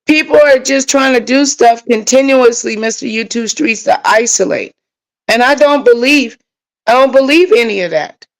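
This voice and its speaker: A woman's voice: fairly high pitch, moderate pace, rough recording. Emotional ranting woman livestream host. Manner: emotional, ranting, talking back to chat. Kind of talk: casual livestream chat.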